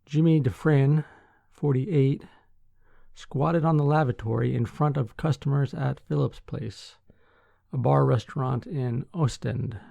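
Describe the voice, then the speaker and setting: A man's voice: mid-range voice, measured pace, gravelly, warm tone, dry recording, muffled recording. A sleepy man hosting a podcast, reading news stories aloud and breaking off for dry asides. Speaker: podcast host.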